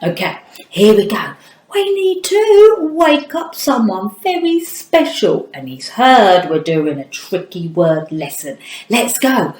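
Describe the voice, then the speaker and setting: A woman teaching phonics to young children, her voice swinging high and low in a bouncy, sing-song way. She talks slowly and clearly, as if to little ones at home. The sound carries a roomy echo. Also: very animated, a little mellow.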